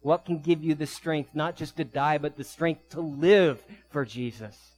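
A man preaching a sermon as pastor, telling vivid stories in quick bursts and slowing down to soft, quiet emphasis. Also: a little high, soft background music, rough recording.

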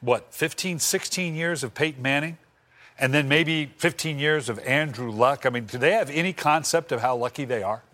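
A middle-aged former football coach co-hosting a podcast, animated and steering the talk, with quick asides. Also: male voice, fairly high pitch. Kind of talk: casual podcast chat.

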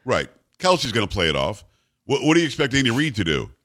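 A man's voice: mid-range voice, very animated, quick pace, a bit bright. A middle-aged man hosting a talk show, delivering a blunt, emphatic, repetitive opinion monologue. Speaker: radio talk show host. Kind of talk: opinionated monologue on sports news.

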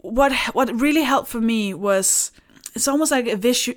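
A woman's voice: a little high, moderate pace. A woman, a podcast guest, talking candidly in a casual chat with a dry, sardonic edge. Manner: candid, dry and sardonic, laughing through stories.

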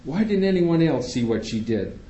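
A man reading a first-person story aloud to an audience in a theater, steady and measured. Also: on the high side. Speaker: reader at a public reading. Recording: echoey room, dull lo-fi sound.

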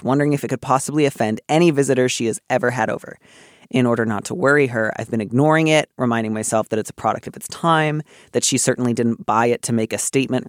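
A man's voice: mid-range voice, no echo, studio quality. A man hosting an advice podcast, reading a listener letter and answering it in an earnest, wry, thoughtful way with many filler words. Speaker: advice column host. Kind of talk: casual podcast advice chat.

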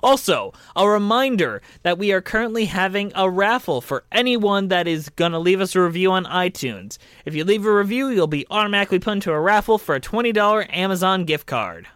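High-voiced man co-hosting a chatty podcast. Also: lively intonation, fairly bright tone, clear, resonant tone, no room sound, clean studio sound. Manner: laughs often, reads ad breaks quickly. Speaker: podcast co-host. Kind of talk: casual chat.

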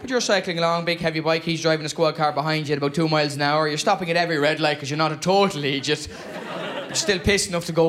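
An Irish man doing a stand-up comedy routine on stage, telling a story with quick, punchy delivery and acting out the exchanges. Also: a little high, fairly bright tone. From Ireland. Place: comedy stage before a live audience.

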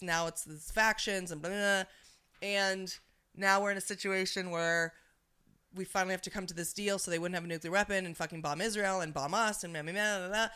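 A woman's voice: medium pitch, fairly bright tone, clear, resonant tone. A woman co-hosting a podcast, chatting casually about politics in a rambling, profane way with lots of restarts. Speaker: podcast co-host.

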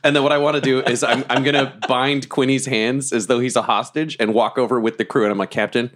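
A man's voice: medium pitch, steady tone, fast, fairly bright tone. A man playing a tabletop game, playful and laughing as he plans. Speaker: player. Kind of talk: casual tabletop game play.

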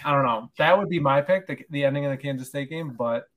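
A man's voice: a little high, fast. A man appearing as a guest on a sports podcast, chatting casually and rambling, with lots of filler words and self-deprecating remarks.

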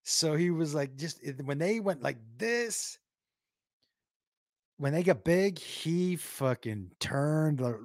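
Slightly high and slow, this man's voice comes through clean studio audio without echo. He's a comedic streamer reading chat, spinning casual stories full of profanity, animated energy, and goofy sound effects.

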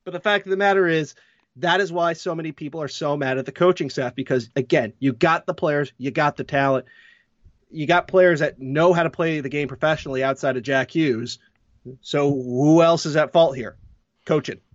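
A man's voice: on the high side, moderate pace, dry recording, highs cut off. A man, a hockey blogger co-hosting a casual sports podcast, ranting with sarcasm about his team's coaching.

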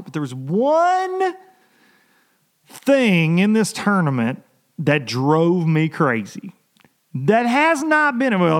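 Man, podcast host, high voice, lively swooping pitch, exasperated casual rant. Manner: animated, exasperated storytelling with folksy phrasing.

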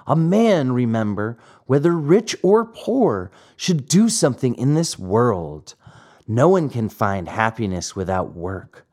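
Storybook role: man playing a firm, gentle fairy mother, lower and unhurried, lively phrasing. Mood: instructive. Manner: soft, calm, instructive. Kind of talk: audiobook character reading.

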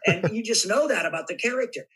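An older man from Southern California, a guest actor telling animated stories in a podcast interview and acting out voices now and then. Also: high-pitched, quick pace, husky, poor audio. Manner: animated anecdotes with acted-out voices.

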